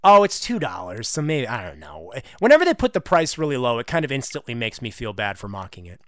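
A man's voice: medium pitch, big pitch swings, quick pace, hardly any pauses, fairly bright tone, no echo, studio quality. A young man hosting a gaming video, giving comedic, sarcastic commentary with self-mocking asides.

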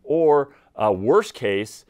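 A man gives dog training advice in an energetic, conversational way, speaking straight to his viewers. His pitch sits in the middle of a man's range and moves a lot as he explains. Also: drawn-out words. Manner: energetic, conversational, direct address. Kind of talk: instructional talk to camera.

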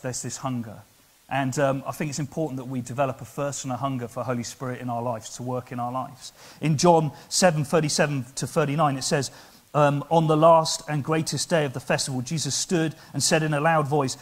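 A man with an English accent preaching a sermon in church, earnest and conversational, building to loud, emphatic passages. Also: mid-range voice, fairly even intonation, brisk. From England. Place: church hall.

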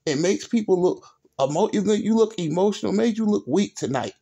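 A man's voice: sits high, lively intonation, brisk, mellow, slightly rough. A man hosting a sports vlog, ranting in an exasperated, repetitive, profane way with speech. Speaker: sports video host.

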